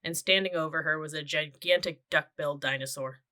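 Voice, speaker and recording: A woman narrating a children's audiobook with steady, clear storytelling. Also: low voice, fairly quick.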